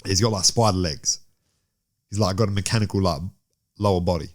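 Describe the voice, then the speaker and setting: A young man with a fairly low voice, chatting loosely on a podcast. He jokes and laughs easily, filling his talk with "like.". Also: fairly quick. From Australia. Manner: laughing, joking, heavy use of "like". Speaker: podcast co-host. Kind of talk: casual chat.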